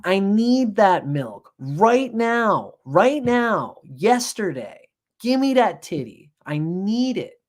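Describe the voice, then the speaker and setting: A man's voice: sits high, big pitch swings, slow, pitched above the performer's own voice, exaggerated voice. A man voicing a demanding newborn baby who bawls and curses as it insists on milk right now. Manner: bawling, cursing demands. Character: demanding wailing newborn baby, greedy and crude.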